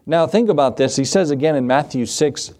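A man's voice: fairly high pitch, brisk, mellow. A male pastor preaching in church in a conversational way, quizzing the congregation and cracking jokes. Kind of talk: sermon.

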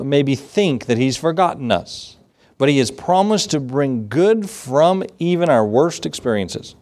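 A man's voice: medium pitch, a little mellow. A pastor giving a sermon to his church, talking with them rather than at them. He often laughs and acts out little asides as he goes. His voice sits right in the middle range for a man. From United States. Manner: conversational, with laughs and acted asides.

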